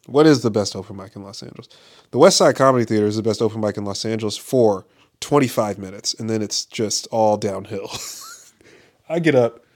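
With a lowish, darkish voice and a brisk pace, this Los Angeles-area stand-up comic goes on a casual, profane, podcast-style rant. He rambles, says "like" constantly, and keeps breaking into laughter.

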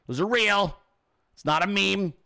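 A high-pitched, bright-toned man hosting a ranting commentary show. He swears constantly and mocks his targets with heavy sarcasm. His delivery is brash and cutting. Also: a little slow, gravelly. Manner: profane, mocking, sarcastic. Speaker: host.

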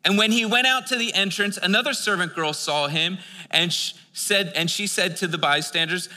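A man's voice: high voice, normal speed, pushed and bright, big-room sound. An American man preaching a sermon, reading scripture and breaking into casual, chatty explanations. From United States. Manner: reads scripture then explains it in casual asides; conversational, with filler words and restarts.

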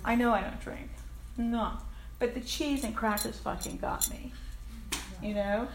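Older lady sharing at a recovery meeting, blunt, swears a lot, kinda high voice, echoey room. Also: measured pace. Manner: candid and frank, swears casually, laughs at herself. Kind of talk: personal recovery share. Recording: echoey room with faint ambience.

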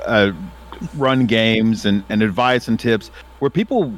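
A man's voice: lowish voice, measured pace. A man explaining his view on role-playing in an earnest, explanatory manner during a casual chat.

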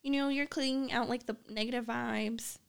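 A young woman co-hosting a casual podcast chat, laid-back with dry, low-key teasing. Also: steady tone, normal speed, creaky, smooth. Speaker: podcast co-host.

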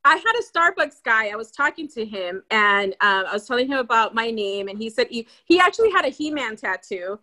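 A woman's voice: on the high side, animated, brisk, hardly any pauses, sharp tone. A young woman, a guest on a podcast, telling stories in casual chat and laughing often.

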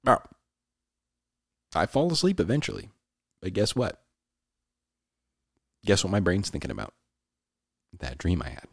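A man telling a personal story in a casual, animated way, often saying "dude". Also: deep voice, dry recording, clean studio sound. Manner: animated, says "dude" a lot.

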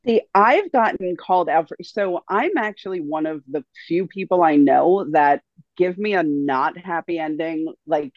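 A woman book reviewer as a podcast guest, chatting casually and agreeing readily with quick replies and laughs. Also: fairly low pitch, animated, no echo, lo-fi sound. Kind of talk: casual chat.

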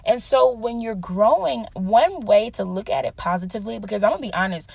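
A young woman teaches a devotional lesson in an earnest, chatty way, weaving in her own stories with a self-mocking laugh. Her voice has a gravelly fry and a husky edge, and it sounds dry and close. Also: medium pitch, expressive, brisk, a little mellow, no echo. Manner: earnest, conversational, laughing at herself. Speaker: Bible teacher.

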